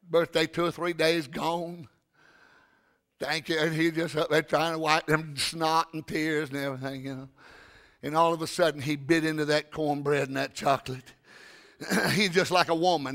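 A man preaching a sermon, telling a story with stammering restarts and sudden loud bursts. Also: on the high side.

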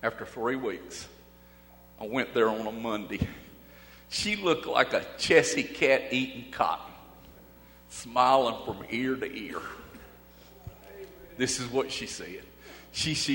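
A male preacher tells a story in a sermon, speaking folksy and dramatic with pauses and swings from loud to hushed. It is recorded in an echoey hall. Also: medium pitch, animated. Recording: echoey hall with faint hum.

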